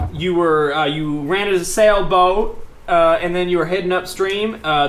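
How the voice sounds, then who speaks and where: A man narrating a tabletop game as game master, halting with many fillers. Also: a little high, fairly bright tone. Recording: roomy with faint noise.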